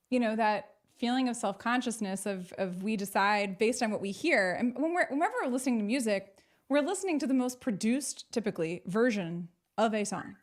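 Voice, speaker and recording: A woman's voice: fairly high pitch, expressive, normal speed. A woman hosting a casual chat, affirming her guest and reflecting on the story. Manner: warmly affirming listener. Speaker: host.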